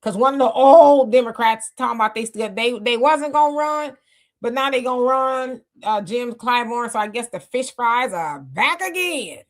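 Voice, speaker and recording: A middle-aged woman hosting a live stream, reading viewer comments and talking loosely with many fillers and restarts, her mouth dry from fasting. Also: fairly high pitch, expressive. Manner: loose, conversational, reflective, with frequent fillers and restarts. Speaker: livestream host reading chat comments. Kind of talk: casual live talk.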